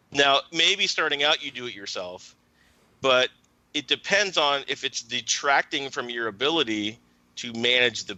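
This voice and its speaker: A man's voice: mid-range voice, bright, forceful tone, dry recording, poor audio. A man, a marketing teacher, speaking as a guest on a podcast and explaining his ideas in a casual, thoughtful way, often checking in with "right?".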